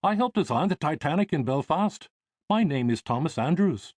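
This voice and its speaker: A man doing a brisk friendly shipbuilder. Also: on the high side, lively intonation, husky, no echo, pitched above the performer's own voice. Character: busy friendly male ship designer.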